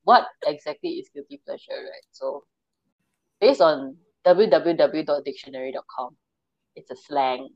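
Over a remote call, a woman with a deep, animated voice speaks at a moderate pace; the recording is dry and dull. As co-host of a casual podcast, she's chatty, reads sources out loud and laughs at her own remarks.

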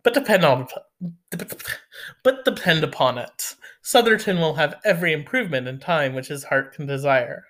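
A reader voicing a calm, sociable woman at a dinner table in an audiobook, reassuring and smiling. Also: mid-range voice, normal speed, natural voice.

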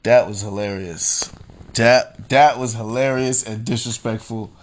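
A man hosting a podcast, giving casual, slangy commentary with frequent laughter and loud exclamations. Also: medium pitch, fairly even intonation, unhurried. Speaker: podcast host.

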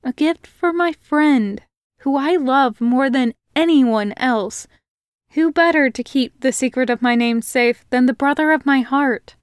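A woman's voice: high voice, a little slow, clear, resonant tone, no echo, clean studio sound. A woman doing a bold, teasing young village woman. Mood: warm firm. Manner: teasing, laughing, insistent.

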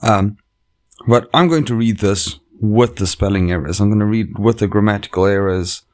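A man's voice: lowish voice, moderate pace, a little mellow. A comedian hosting a show, chatting casually and reading online stories aloud into a microphone. He rambles, swears and keeps cutting himself off. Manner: rambling, profane, self-interrupting. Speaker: comedian and podcast host.

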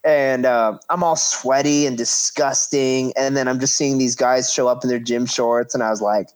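Animated man telling a wrestling story. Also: medium pitch, normal speed, smooth. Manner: animated, acts out quoted voices, swears casually. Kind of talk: casual storytelling chat.

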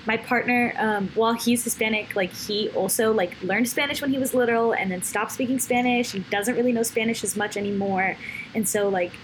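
A young woman chatting on a podcast, animated and expressive as she tells personal stories. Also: fairly high pitch, brisk, slight background noise, rough recording. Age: young adult. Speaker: podcast guest. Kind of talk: casual chat.

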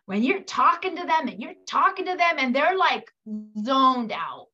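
A high-pitched woman coaching an audience of mothers at a measured, unhurried pace. She speaks to the listeners directly and lively acts out the voices of parents and children. The recording sounds slightly dull and muffled. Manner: animated, acts out quoted voices. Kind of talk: coaching talk.

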